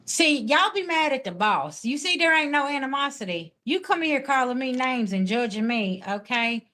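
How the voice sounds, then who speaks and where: Bright, forceful and animated, her high voice moves at a moderate pace. She's a woman doing a casual live stream as a spiritual reader, responding to viewers' comments sassily and bluntly, talking right back at the chat.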